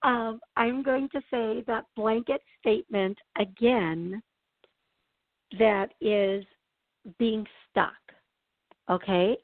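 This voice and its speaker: A woman's voice: a little high, fairly even intonation, takes it slowly, long pauses, no room sound. Chatty woman hosting a psychic call-in show. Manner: chatty, reassuring, clears throat often. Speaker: psychic medium radio host. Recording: tinny phone-like sound, dry.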